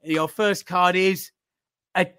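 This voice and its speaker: A man's voice: high-pitched, fairly even intonation, slow pace, a bit bright, clear, resonant tone, no room sound. Jokey man hosting a quiz, dry sound. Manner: teasing, jokey, builds suspense. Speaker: quizmaster on a football fan show. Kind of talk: playful live-stream quiz hosting.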